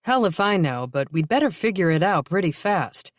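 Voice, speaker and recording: Woman reading weary woman detective, wisecracking, blunt, low voice, dry close sound. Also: big pitch swings, normal speed, no echo. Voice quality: blunt and wry. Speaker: character voice.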